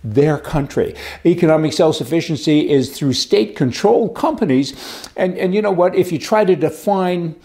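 A man's voice: a little high, normal speed, warm tone. An older man giving rambling, folksy political commentary as host, with chuckling asides.

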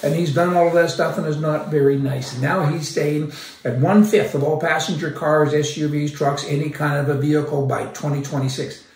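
A man with a gravelly voice gives a sarcastic opinion monologue and laughs at his own jabs. His voice sits fairly high for a man. He sounds set back from the microphone in an echoey room. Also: steady tone, brisk, a little mellow, recorded from a distance. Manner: sarcastic, mocking, laughs often. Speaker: commentary host.

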